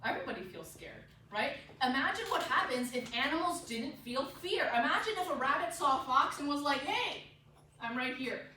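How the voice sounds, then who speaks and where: A woman teaching a public speaking class to kids and their parents, lively and direct, checking in with "right?" and acting out the nervous thoughts she describes. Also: high-pitched, a little fast, hardly any pauses. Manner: lively, tags lines with "right?", acts out quoted inner voices. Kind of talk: classroom lecture. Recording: echoey room, voice from far off, audible noise.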